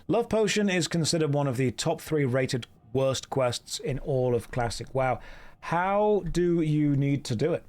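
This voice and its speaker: A British man streaming a game, chatting loosely and joking with his viewers. His voice sits a little higher than most men's. He reads viewer messages aloud and spins them into quick jokes. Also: animated, darkish tone. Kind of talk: casual live-stream chat.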